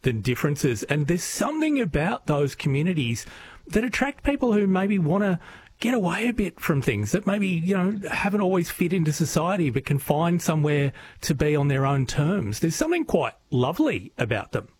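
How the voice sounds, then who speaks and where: A man's voice: fairly high pitch, sing-song, moderate pace, darkish tone. A man hosting a casual interview, enthusiastic and chatty. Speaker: radio host.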